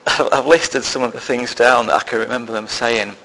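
A man's voice: mid-range voice, steady tone, normal speed, bright, forceful tone, low-quality recording. Man telling a humorous sermon story. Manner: self-deprecating storytelling with dry humour. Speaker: lay preacher.

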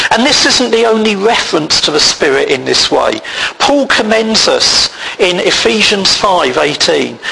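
A man preaching a sermon, reading scripture aloud in a measured way. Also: high-pitched, bright, forceful tone, rough recording. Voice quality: gravelly.

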